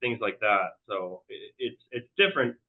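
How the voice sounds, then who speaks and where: A man's voice: on the low side, lively intonation, moderate pace. A man recounting a story in a loose, rambling way, stumbling over his words and restarting sentences as he goes. His voice comes through a thin, tinny line that sounds like a phone call. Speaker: guest. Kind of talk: casual storytelling interview.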